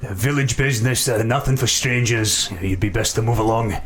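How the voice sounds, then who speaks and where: A man's voice: mid-range voice, fairly quick, slight background noise, close to an everyday voice. A man voicing a dirty old male peasant who curtly warns a stranger off. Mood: wary. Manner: curt warnings to strangers.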